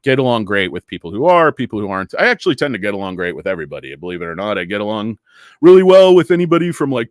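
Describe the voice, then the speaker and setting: Ranting, animated middle-aged stock host. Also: male voice, on the low side, no room sound, clean studio sound. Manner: rambling, jokey, profane ranting with tangents. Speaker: stock market show host. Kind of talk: ranting livestream commentary.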